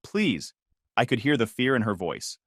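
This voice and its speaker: A man narrating a first-person story in a calm, detached, dryly sarcastic manner. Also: medium pitch, fairly quick, breathy edge, no room sound, studio quality.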